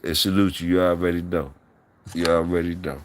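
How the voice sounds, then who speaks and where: A man's voice: deep voice, steady tone, brisk, a little hiss or hum. A man hosting a live stream in loose, profane, repetitive banter with his chat, talking on a mic from his workplace.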